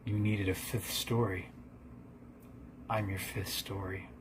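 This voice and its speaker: A sinister horned creature of the woods , voiced by a man, taunts in a smug, low-key tone. His voice sits low. A faint hum of ambience sits behind him. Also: little pitch movement, slow.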